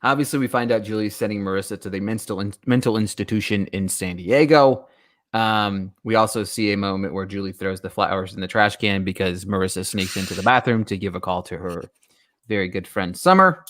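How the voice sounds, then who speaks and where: A man co-hosting a podcast, walking through a TV episode in relaxed casual chat, with frequent laughs and "um" and "you know.". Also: on the low side, brisk. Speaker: podcast co-host. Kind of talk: casual chat recapping a TV show.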